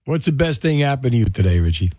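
A man's voice: mid-range voice, very animated, fast talker, dark tone, no room sound, studio quality. A man hosting a morning radio show, joking with callers and cohosts. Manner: jokey, upbeat. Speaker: radio host.

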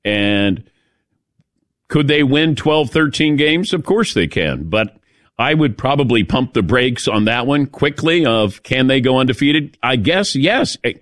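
A man's voice: mid-range voice, expressive, unhurried, a bit bright, dry recording, clean studio sound. A middle-aged man hosting a casual sports talk radio show, chatty and storytelling, laughing at his own jokes.

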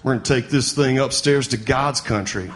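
A man's voice: medium pitch, normal speed, background noise, natural voice. A man doing a chatty southern male airline pilot in a stand-up bit, with a Southern US accent. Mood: folksy.

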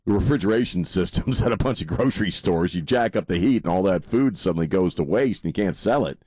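A man's voice: deep voice, animated, quick pace, a little mellow, dry recording, studio quality. A male radio co-host telling stories in a casual, rambling way with many fillers. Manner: rambling, filler-heavy storytelling. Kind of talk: casual talk radio chat.

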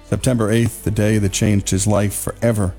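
A man's voice: lowish voice, level tone, moderate pace, dark tone, soft background music. A man hosting a radio program and earnestly recapping the story. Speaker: radio show host. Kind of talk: radio narration.

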